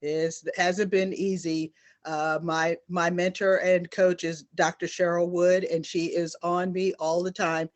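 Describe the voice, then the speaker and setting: A woman's voice: fairly low pitch, little pitch movement, measured pace, few pauses. A middle-aged woman, a nurse, giving earnest, emphatic personal testimony on a panel and repeating her key phrases for weight. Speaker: nurse guest speaker.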